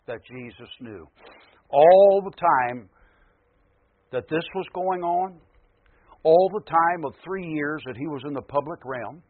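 Male preacher, fairly high voice, dry tinny phone-like sound, surges loud then falls quiet. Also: slow pace, long pauses, husky, dry recording. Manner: rising to loud emphatic peaks, then dropping low. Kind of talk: sermon.

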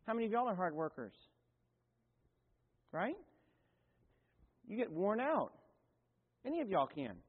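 A man preaching a sermon as pastor, in a folksy, conversational way with asides and self-corrections. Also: sits high. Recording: tinny, phone-like sound in a long-echoing hall.

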